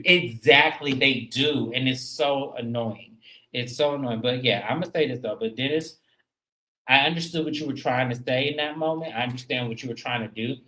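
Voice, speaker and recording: A woman's voice: a bass voice, a bit bright, rough recording. A woman hosting a reality TV recap in casual commentary, blunt and emphatic, cursing freely and talking straight to her viewers.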